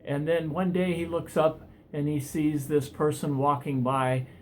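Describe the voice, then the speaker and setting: A man's voice: a little high, flat delivery, a little slow, a little hiss or hum. A man, a pain management counselor, tells a story in an earnest, conversational way. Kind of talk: storytelling talk.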